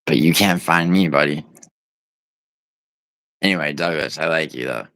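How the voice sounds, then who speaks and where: A man's voice: very deep voice, normal speed, a bit bright, dry recording. A man livestreaming from home, rambling and teasing his viewers in profane, casual banter as he reads the chat. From United States.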